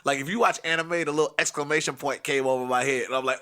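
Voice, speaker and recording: A man hosting a comedy podcast, telling a family story with lively impressions of everyone in it. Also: medium pitch, fast, few pauses, clean tone. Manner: animated, acts out every character.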